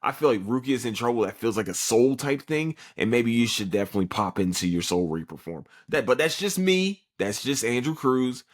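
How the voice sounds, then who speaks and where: A man hosting a podcast, casually recapping an anime episode with lots of swearing and quick put-on character voices. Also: medium pitch. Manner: animated storyteller who acts out characters in quick put-on voices; swears freely, loose and joking.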